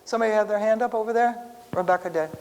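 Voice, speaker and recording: A woman's voice: mid-range voice, racing. A woman teaching a casual sermon full of personal stories, talking straight to her listeners. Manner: animated storytelling, talks to the room. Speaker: Bible teacher. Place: church hall. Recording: reverberant church hall.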